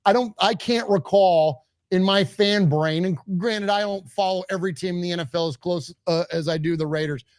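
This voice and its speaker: Excited man with a bright high voice. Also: normal speed, hardly any pauses, no echo, clean studio sound. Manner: excited, emphatic fan energy. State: out of breath. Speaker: co-host. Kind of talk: live postgame sports talk.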